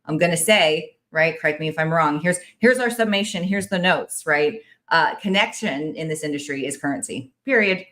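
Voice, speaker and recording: A woman's voice: low voice, normal speed, few pauses, fairly bright tone. A woman hosting a podcast, talking in a rambling, chatty way, full of "like" and "right?". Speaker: podcast host. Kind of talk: casual chat.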